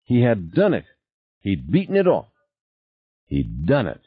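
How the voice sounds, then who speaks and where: Deep husky guy reading an audiobook, dull lo-fi sound. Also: measured pace, no echo. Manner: expressive reading with character voices. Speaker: narrator. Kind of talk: audiobook narration. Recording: slightly dull lo-fi recording.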